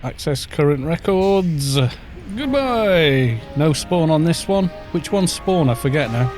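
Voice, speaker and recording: A man's voice: on the high side, lively intonation, slow, darkish tone, faint music behind. A middle-aged man from North Wales with a Welsh accent, chatting casually and joking with viewers while live-streaming a game. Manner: chatty, joking, reads chat aloud.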